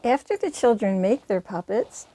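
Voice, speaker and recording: A woman's voice: mid-range voice, big pitch swings, moderate pace, dark tone, breathy edge. A woman hosting a puppetry channel, explaining puppet techniques in an encouraging, teacherly way. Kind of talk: instructional video.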